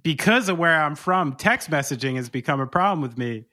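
A man's voice: fairly high pitch, animated, a little fast, bright, forceful tone. A man hosting a podcast, talking loosely and profanely in casual chat. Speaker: podcast host.

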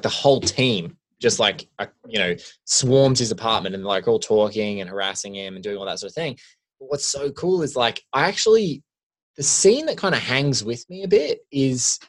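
A man co-hosting a casual film podcast, rambling and chuckly, with many restarts. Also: medium pitch. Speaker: podcast co-host.

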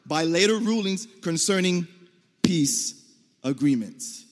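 Man, American, high voice, emphatic debate speech, near-shouting at times, long hall echo. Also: expressive, takes it slowly. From United States. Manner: emphatic, rising to shouts on key points.

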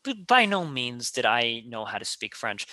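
Bright, animated man telling stories. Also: medium pitch, normal speed, no room sound. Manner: animated storyteller, many restarts and filler words. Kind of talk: casual conversation.

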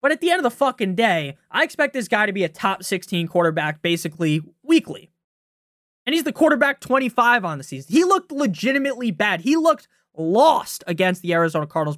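A young man hosts a fantasy football podcast, launching into a brash, fast-talking rant loaded with profanity and frequent "right?" checks. His high-pitched voice has a fairly bright tone, captured dry in clean studio sound.

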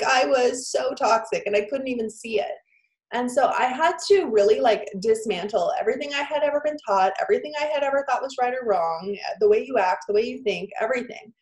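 A trauma therapist in her thirties, with a voice on the high side, shares her personal story in an interview. She speaks earnestly and emotionally, using "like" as a frequent filler, and the recording has a roomy echo.

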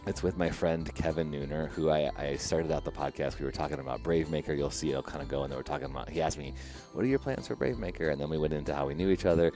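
A man's voice: very deep voice, steady tone, fast, few pauses, over music. A man from the Chicago area hosting a casual podcast, telling stories animatedly and laughing often. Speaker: podcast host.

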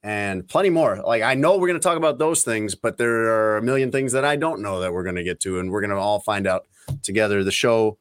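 A man's voice: lowish voice, quick pace. A man hosting a podcast, chatting casually and teasing his co-hosts as he rambles through stories. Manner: animated, teasing, rambling storyteller. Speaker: podcast host. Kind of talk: casual banter.

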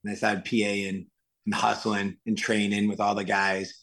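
A man from Massachusetts, a stuntman and actor, telling lively stories as an interview guest and acting out the quotes. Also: on the low side, normal speed. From Worcester, Massachusetts. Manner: lively anecdotes full of acted-out quotes. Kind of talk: casual interview storytelling.

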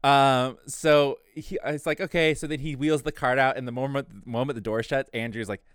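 A man's voice: medium pitch, fairly even intonation, normal speed, clear, resonant tone, dry recording, studio quality. Young man telling a rambling work story. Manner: rambling storyteller, acts out quoted coworkers. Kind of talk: casual chat.

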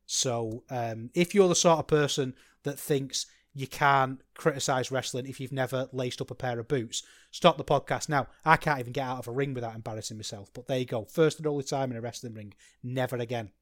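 A man's voice: medium pitch, a little fast, few pauses, no echo, clean studio sound. A man hosting a solo podcast, rambling and self-deprecating, with frequent restarts. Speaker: podcast host.

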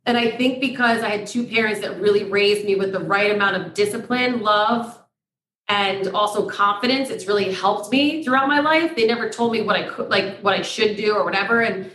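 A woman's voice: mid-range voice, brisk, echoey room, rough recording. A middle-aged woman, a radio host telling stories in a casual interview and acting out quoted exchanges. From Poughkeepsie, New York. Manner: lively storyteller who acts out quoted exchanges.

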